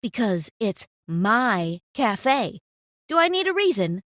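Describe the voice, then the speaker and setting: A stern cafe owner lays down the law in a firm, scolding tone, voiced by a woman. The pitch sits fairly high and moves a lot, recorded close and dry for a storytime video. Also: very animated, slow, fairly bright tone, dry recording, exaggerated voice. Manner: scolding, authoritative. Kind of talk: storytime narration.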